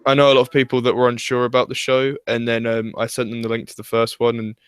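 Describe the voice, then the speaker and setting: A man's voice: medium pitch, monotone, quick pace, clean tone, dry recording, clean studio sound. A young man giving his opinions in a casual review chat, hesitant and filler-heavy. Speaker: guest reviewer.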